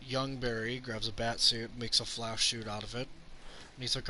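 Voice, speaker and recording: A man's voice: mid-range voice, flat delivery, normal speed, pushed and bright, slight background noise. A young man ranting sarcastically about a film on his channel, swearing often and mocking characters' lines as he retells scenes. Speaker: channel host reviewing a film. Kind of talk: rambling profane movie rant.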